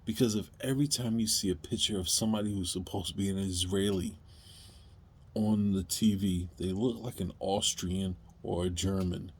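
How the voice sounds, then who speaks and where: A husky, fairly low-voiced man delivering an impassioned monologue to the camera. He talks emphatically, swinging between pleading and loud outbursts. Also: fairly even intonation, normal speed. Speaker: video commentator.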